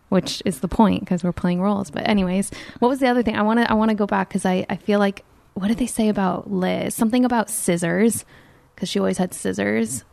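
A young woman chatting casually as a podcast co-host, animated and quick to laugh. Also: mid-range voice, creaky, dry recording. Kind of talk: casual chat. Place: home, recorded remotely.

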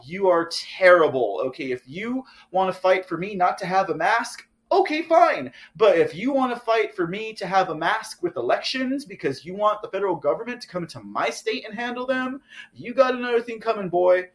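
Male host, heated political rant, somewhat high voice, keeps hammering "okay?". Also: expressive, a little fast, fairly bright tone. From Texas. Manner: fired-up ranting, repeats "okay?" and "guys". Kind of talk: live political commentary.

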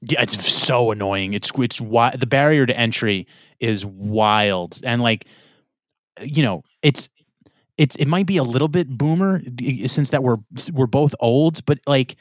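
A man's voice: medium pitch, unhurried, no echo, clean studio sound. A man hosting a podcast in casual chat, laid-back, filler-heavy and swearing. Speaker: podcast host.

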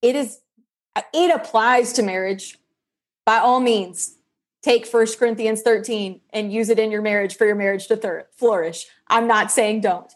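A woman's voice: fairly high pitch, measured pace. A woman guest on a faith-based leadership podcast, talking in emphatic, preacher-like bursts.

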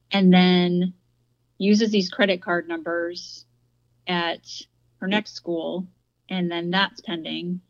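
A woman with a lowish voice co-hosting a podcast discussion, explaining things in a measured way. Her voice sounds dry and close, with slightly dull, lo-fi audio. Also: no room sound. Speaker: podcast co-host. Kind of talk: casual discussion.

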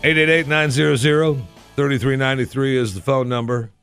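A man's voice: mid-range voice, little pitch movement, a little fast, a bit bright, faint music behind. A man hosting a talk radio show, rambling and wry, often interrupting himself. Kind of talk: casual talk radio commentary.

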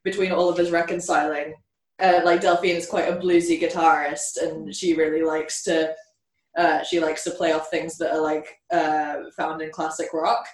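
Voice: medium pitch, level tone, moderate pace. Band songwriter chatting from a distance in an echoey room. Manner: loose, filler-heavy talk with many "like"s. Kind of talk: casual interview chat.

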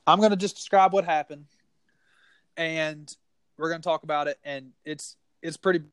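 A man's voice: on the high side, steady tone, moderate pace, fairly bright tone, smooth, no echo. A man with a Southern US accent co-hosting a casual sports podcast, rambling and heated with many restarts.

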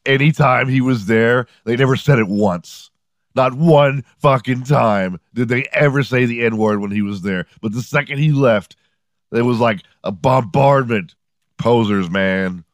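A man's voice: mid-range voice, no echo, clean studio sound. A man in his forties hosting a podcast, telling rambling comedic stories in a profane, sardonic way. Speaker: podcast host. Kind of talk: comedic storytelling monologue.

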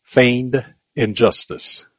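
A man with a husky voice giving scripted instructional narration on negotiation, delivering headed sections in a measured, advisory way. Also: mid-range voice, dry recording. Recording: dull lo-fi dry recording.

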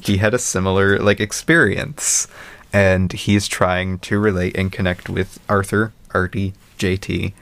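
A man co-hosting a casual movie review chat, rambling and animated as he retells scenes. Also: low-pitched, a little slow, gravelly. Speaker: podcast co-host.

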